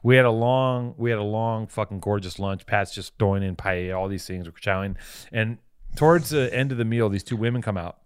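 A man with a lowish voice rambles through a casual podcast chat, crude and joking as he tells his stories. The sound is dry and close, with no room around it. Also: brisk, clear, resonant tone, no echo. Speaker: podcast host.

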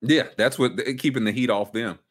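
A man hosting a casual sports talk show, ranting emphatically with sudden jumps up in pitch. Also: normal speed. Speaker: sports podcast host.

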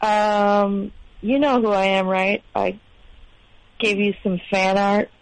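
A woman from Massachusetts calls in to a radio show. She sounds friendly but hesitant and fills her pauses with ums. Her voice sits at a middle pitch. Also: steady tone, no echo, low-quality recording. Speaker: caller. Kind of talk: casual phone call.

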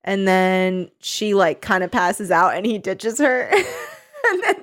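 Animated, unhurried woman recapping a show. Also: medium pitch. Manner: animated, giggly, acts out quotes. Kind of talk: casual chat recapping a show.

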